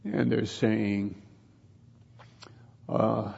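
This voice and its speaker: A man giving an informal sermon on scripture, talking in a halting way that repeats and restarts words as he reflects. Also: on the low side, little pitch movement, vocal fry, a little mellow, breathy edge, dull audio.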